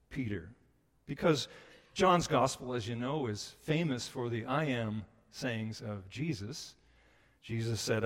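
A long reverb tail trails this mid-range male voice as he preaches as a pastor. His storytelling is animated, and he performs the voices of those he quotes.

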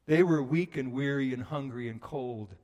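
A man preaching a sermon, moving between hushed passages and loud, emphatic ones. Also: medium pitch, moderate pace, lo-fi sound. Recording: long reverb of a large hall.

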